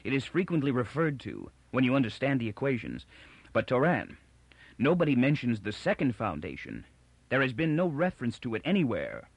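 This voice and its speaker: A man's voice: mid-range voice, wildly swooping pitch, a little fast, creaky, slightly rough, dry recording, heavily acted. A man voicing a frail, aging male psychologist who talks in a peevish, insistent way.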